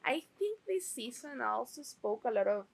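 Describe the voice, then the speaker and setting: A woman's voice: a little high, sing-song, moderate pace, vocal fry, breathy edge, low-quality recording. A woman giving a casual spoken review of a TV series, chatty and full of fillers, with the odd swear word.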